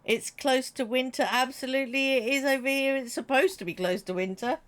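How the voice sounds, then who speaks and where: A woman's voice: high-pitched, brisk, fairly bright tone. A British woman streaming a game and chatting casually with her viewers. She has a runny nose, jokes a lot, and reads out and answers messages from chat. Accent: British English. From Britain. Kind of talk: casual chat while gaming.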